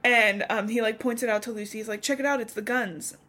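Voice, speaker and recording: A woman's voice: a little high, steady tone, a little fast, bright, forceful tone. A young woman co-hosting a podcast, casually recapping a novel and acting out the characters' lines as she goes. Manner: chatty, acts out dialogue in quotes. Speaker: podcast co-host.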